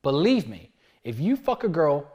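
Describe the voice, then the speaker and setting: A man in his thirties giving a brash, animated dating lecture, often acting out bits of dialogue. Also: on the high side, moderate pace. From United Kingdom. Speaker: dating coach. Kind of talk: lecture-style monologue.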